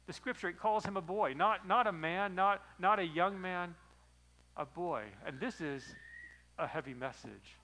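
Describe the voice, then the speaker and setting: A man as pastor preaching a sermon, retelling a story in a lively, storytelling way. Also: high voice, measured pace, slight background noise, rough recording.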